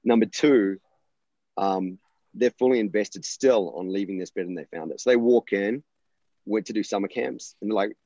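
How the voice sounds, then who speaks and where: A man's voice: low voice, brisk, warm tone, no echo, highs cut off. A college volleyball coach, a man, telling stories earnestly and passionately, often restarting his sentences. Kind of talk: conversational interview storytelling.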